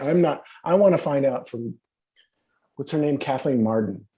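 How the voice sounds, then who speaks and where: A man's voice: a little high, moderate pace, warm tone. A man in his fifties, a podcast guest telling stories in a rambling, profane way, full of fillers and restarts. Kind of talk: casual conversational storytelling.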